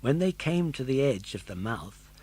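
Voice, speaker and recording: Lively older man reading a storybook. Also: mid-range voice, normal speed, slightly rough. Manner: expressive, animated storytelling. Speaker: audiobook narrator. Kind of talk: storybook narration.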